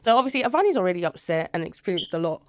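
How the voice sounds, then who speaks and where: A woman's voice: on the low side, big pitch swings, very fast. A woman reviewing a soap opera episode in a casual, rambling recap. She speaks frankly, with blunt asides and quoted dialogue from the scenes.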